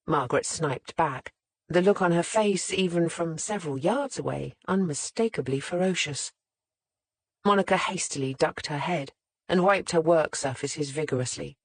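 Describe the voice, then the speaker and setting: Audiobook narrator, mid-pitched, measured scripted reading, close dry mic. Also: no echo.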